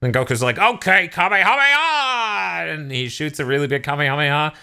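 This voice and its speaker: A man's voice: mid-range voice, level tone, quick pace, pushed and bright, clean tone. A man co-hosting a casual podcast, recapping an episode and acting out the characters' lines in goofy voices. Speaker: podcast co-host.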